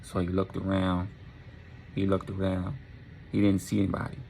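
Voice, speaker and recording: A man telling a dark story in a casual, animated storytime manner, profane and often asking "right?". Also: low voice, normal speed, gravelly, a little hiss or hum.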